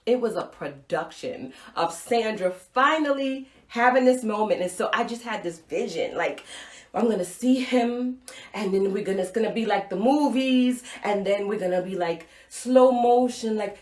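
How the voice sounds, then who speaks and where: A middle-aged woman hosting a live show, telling a personal story with playful, expressive swings between loud and soft. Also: medium pitch, normal speed, roomy sound. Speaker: live show host and speaker.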